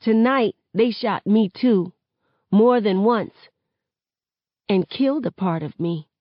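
A woman reading a novel aloud in measured first-person narration for a study session. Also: mid-range voice, dry recording, lo-fi sound. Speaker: reader in a book study session.

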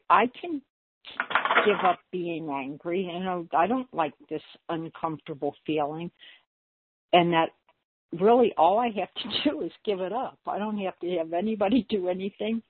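A woman's voice: on the low side, slightly rough, no room sound. A woman reflecting hesitantly in a group call, searching for her words. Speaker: community call participant. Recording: dry phone-line audio.

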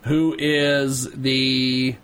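A man hosting a podcast in rambling, halting casual chat. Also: medium pitch, little pitch movement, noisy background. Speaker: podcast host.

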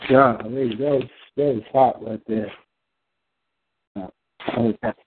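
Man calling in, chill chatty vibe, middle pitch, phone-line sound. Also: fairly even intonation, measured pace, slight background noise. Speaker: caller and poet. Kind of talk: casual call-in chat. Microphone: phone call.

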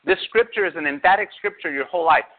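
Speaking quickly in a fairly high voice, this man delivers a sermon and keeps asking his congregation rhetorical questions. It sounds as if it was captured over a phone, thin and narrow.

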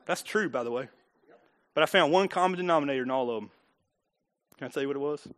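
A pastor preaching a sermon, dropping to quiet asides and rising to loud emphatic lines, laughing often. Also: male voice, a little high, fast.

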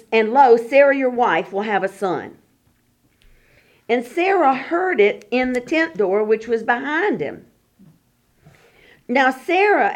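A woman leading a Bible study, reading scripture aloud and then explaining it in casual talk, acting out the quoted speakers. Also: on the high side. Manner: acts out the quoted speakers in lively voices.

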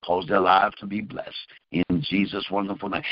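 A man's voice: low voice, level tone, moderate pace, no echo, dull audio. A man preaching and praying as pastor, with fervent pleading questions. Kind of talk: sermon and prayer.

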